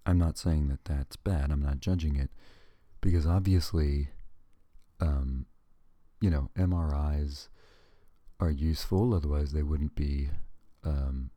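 A man with an extremely deep, dark, mellow voice talks through a loose monologue. He drifts off-topic, corrects himself often and throws in wry jokes. The sound is dry and close, with no room echo. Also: unhurried. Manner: rambling and digressive, joking asides, self-correcting. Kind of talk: casual monologue.

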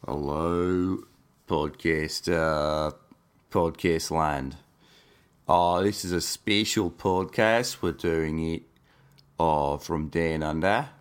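A groggy man who has just woken up, hosting his podcast in a put-on Australian/New Zealand accent with a deep morning voice, rambling and deadpan. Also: drawn-out words, smooth. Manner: rambling, deadpan, self-mocking. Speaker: podcast host. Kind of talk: rambling comedic monologue.

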